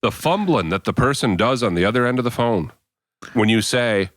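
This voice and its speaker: Male podcast co-host, average pitch, conversational rants, dry and close. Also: lively intonation, moderate pace, fairly bright tone, no room sound. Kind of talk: casual chat.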